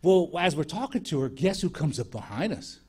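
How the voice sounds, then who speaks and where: A man preaching a sermon, telling mission stories in an animated way, acting out voices and laughing often, in a church before a live audience. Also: a little high, fairly quick, breathy edge. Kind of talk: sermon storytelling.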